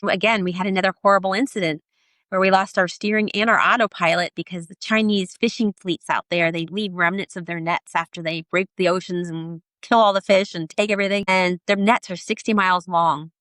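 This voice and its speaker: Animated woman telling a sailing story. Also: fairly low pitch, fairly quick, dry recording. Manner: animated, acts out quoted voices. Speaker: podcast guest, sailor and author. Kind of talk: storytelling in an interview.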